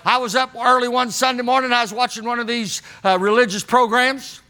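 High, bright-voiced folksy male preacher. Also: fairly even intonation, fairly quick. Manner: folksy, emphatic, calls out to the congregation. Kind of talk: sermon.

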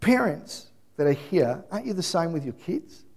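Animated high-voiced pastor. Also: male voice, normal speed, vocal fry. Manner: animated storytelling, acts out voices, high excited calling. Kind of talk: sermon.

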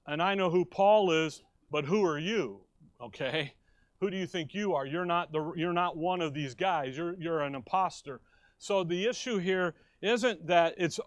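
American man preaching, a bit high-pitched. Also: no room sound. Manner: conversational preaching with frequent restarts, stressing key words. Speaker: pastor. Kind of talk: expository sermon.

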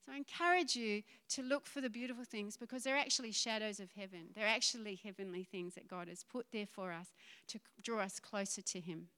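A woman giving a chatty, lively sermon, laughing and acting out quoted voices. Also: medium pitch, a little fast, clean tone. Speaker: pastor.

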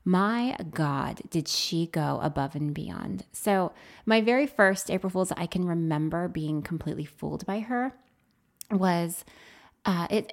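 A woman telling a childhood story in casual podcast chat, lively and quick to act out the people she quotes. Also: lowish voice. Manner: animated, acts out quoted voices.

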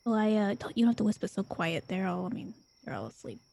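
A woman's voice: mid-range voice, big pitch swings, fast talker, vocal fry, warm tone. A woman playing a tabletop game, talking in character in a casual, hesitant way that trails off, over an online call. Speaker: player. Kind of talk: in-character role-play chat. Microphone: online call microphone.

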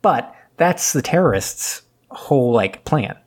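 On a podcast, a man casually recaps a movie plot, rambling with lots of fillers and losing his train of thought. His mid-range voice has lively intonation but a slow pace.

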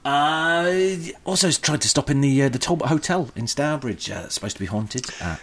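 A man's voice: a little high, lively intonation, moderate pace, fairly bright tone, slight background noise. A man, co-hosting a podcast in casual, rambling chat full of ums and hesitations. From England. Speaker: podcast co-host.

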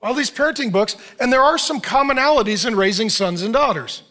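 A middle-aged man preaching a sermon in an animated, joking way. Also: extremely high pitch, a little fast. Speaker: pastor.

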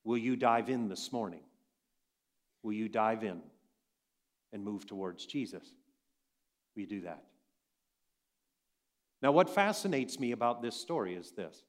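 A man preaching a sermon, swinging between loud emphatic passages and quiet hushed lines. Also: lowish voice, lively intonation, measured pace, long pauses. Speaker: pastor.

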